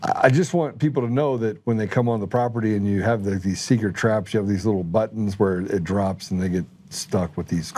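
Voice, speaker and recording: Middle-aged male host, joking storyteller, warm mellow voice. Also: lowish voice, a little fast, hardly any pauses. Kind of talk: casual chat.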